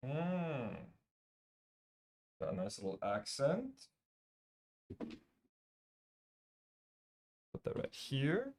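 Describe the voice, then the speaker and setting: A man's voice: on the high side, wildly swooping pitch, extremely slow, long pauses, a little mellow. A man streaming live, chatting casually and thinking aloud, with plenty of swearing.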